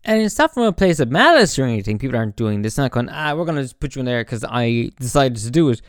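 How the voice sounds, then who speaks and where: Speaking into a podcast mic, a male host works through his thoughts in a casual, rambling monologue, restarting often and using plenty of fillers. His mid-range voice is very animated and fast, captured in clean studio sound with no room echo.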